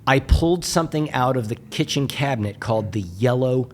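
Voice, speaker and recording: An American man, a motivational speaker, gives a humorous storytelling talk, animated and jokey with frequent asides to the audience. His voice is mid-range and brisk.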